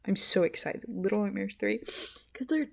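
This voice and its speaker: Brief: excitable woman podcast host, lively up-and-down voice, laughs through her sentences. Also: medium pitch, normal speed, gravelly. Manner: rambling, giggly, excitable. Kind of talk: casual solo podcast chat.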